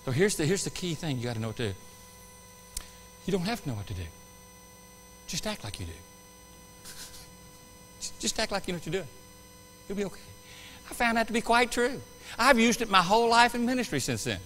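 Male pastor, high bright voice, lively sermon delivery with loud peaks, reverberant church hall. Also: fairly quick, pauses often, slight background noise. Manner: animated preaching with sudden loud bursts and quiet asides. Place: church sanctuary.

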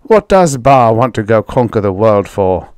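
A man's voice: on the low side, very animated, normal speed, clean tone, no room sound. A man reading an audiobook voices a blunt middle-aged male farmer who is a little drunk and speaks defiantly. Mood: grumbling. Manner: loud, defiant, slurring.

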